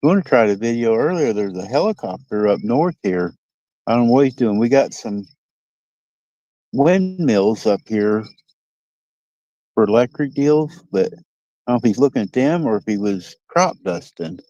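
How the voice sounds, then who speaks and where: A man's voice: medium pitch, animated, moderate pace, pauses often, mellow, no room sound. A rambling, folksy man with a Midwestern American accent talks to his live-stream viewers from a lakeside dock. The sound is dull and lo-fi, with a dry, close feel and no room around it. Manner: rambling, folksy, chats to viewers and reads comments. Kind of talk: casual live-stream chat while fishing. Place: outdoors by a lake dock. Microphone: phone.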